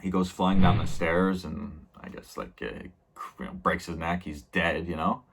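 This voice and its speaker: Low-voiced casual male reviewer. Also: normal speed, gravelly, background noise. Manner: rambling, lots of fillers and laughs. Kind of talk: casual episode recap.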